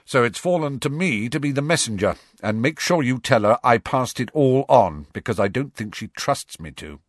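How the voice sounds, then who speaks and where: A man voicing a brisk, frank adult wizard with a wry, impatient edge in an audiobook. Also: mid-range voice, animated, dry recording, clean studio sound, pitched above the performer's own voice, lightly acted. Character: adult male wizard, wry, bold, fond godfather. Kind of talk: audiobook character voice.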